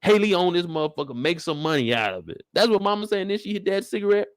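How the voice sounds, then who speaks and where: A man from Kansas City hosting a live after-show, giving animated, profane reaction commentary that breaks into laughs and loud rants at the characters. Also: high-pitched, fast, no echo, clean studio sound. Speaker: show host.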